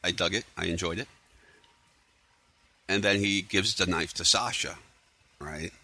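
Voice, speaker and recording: Man, low pitch, bright forceful tone, casual rambling, sarcastic. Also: unhurried. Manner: rambling, sarcastic, many fillers. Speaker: TV recap vlogger. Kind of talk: casual spoiler recap.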